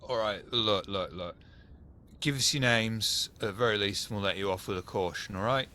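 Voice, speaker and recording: Man putting on gruff Cockney policemen. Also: on the low side, moderate pace, sharp tone, a little hiss or hum. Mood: brusque. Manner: brusque and dismissive. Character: weary male police officers, gruff and impatient.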